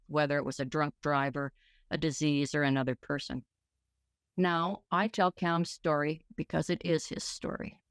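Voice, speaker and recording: An older woman reading her own prepared chapter aloud in a measured, earnest way. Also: deep voice, clear, resonant tone, no echo.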